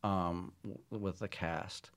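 A middle-aged man, a comedy writer, chatting in an interview in a relaxed way, laughing easily. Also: low-pitched, slow pace. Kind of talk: casual interview chat.

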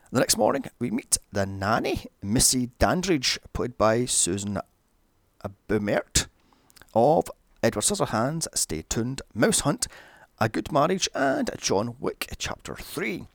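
A man's voice: mid-range voice, sing-song, slow, vocal fry, no echo, clean studio sound. A man narrating a sarcastic movie recap, full of profane, mocking asides. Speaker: film recap commentator.

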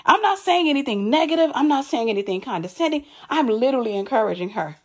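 A woman's voice: high voice, lively intonation, fast talker, few pauses. A woman telling a personal story straight to the camera in a casual, emphatic way, often restarting and repeating words. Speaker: vlogger.

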